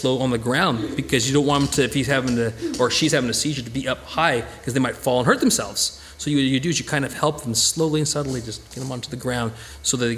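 A man leading a Bible study, explaining scripture in an earnest, conversational way with lively emphasis and frequent restarts. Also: mid-range voice, slight background noise.

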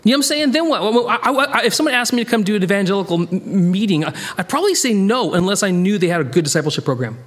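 A man's voice: very fast, hardly any pauses. An American man leading a Bible study, talking it through casually with lots of restarts and sudden bursts of emphasis. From United States. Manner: animated, rambling, self-interrupting, jumps in pitch for emphasis. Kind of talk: conversational Bible teaching.

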